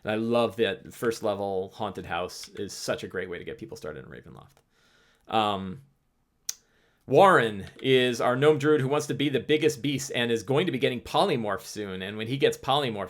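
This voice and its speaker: A man's voice: lowish voice, moderate pace. A man hosting a live stream, answering chat questions in a loose, rambling way with many restarts. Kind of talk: casual livestream talk.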